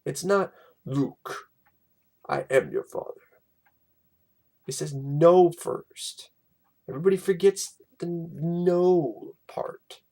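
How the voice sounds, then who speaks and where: A young man giving a casual, exasperated film commentary, animated and swearing freely. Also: a little high, slow, vocal fry, pauses often, breathy edge. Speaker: film reviewer.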